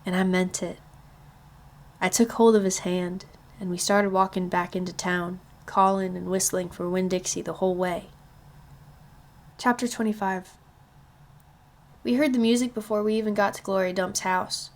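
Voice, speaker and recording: A woman's voice: mid-range voice, steady tone, normal speed, pauses often. Woman reading a children's novel aloud. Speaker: reader. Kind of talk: children's read-aloud narration.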